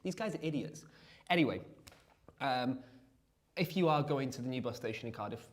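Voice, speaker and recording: A man's voice: medium pitch, normal speed. A man co-hosting a livestream, chatting casually and acting out the people in his stories. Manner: animated storyteller, acts out quoted exchanges. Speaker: livestream co-host. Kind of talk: casual chat.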